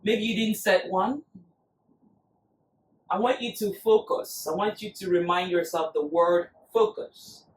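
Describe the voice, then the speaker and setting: A yoga teacher leads a class in an unhurried, soothing way, pacing each cue to the breath. The voice sits back from the mic in a roomy space with a clear echo, and gentle music plays faintly beneath. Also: medium pitch, fairly even intonation, far from the mic, a little hiss or hum. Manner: slow, soothing cues paced to the breath. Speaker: yoga instructor. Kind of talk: guided yoga class instruction.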